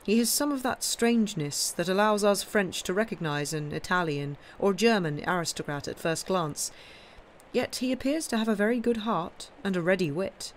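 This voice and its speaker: A woman's voice: medium pitch, moderate pace, slight background noise, natural voice. A woman voicing a naive, gossipy aristocratic baroness in a storybook reading. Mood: confiding.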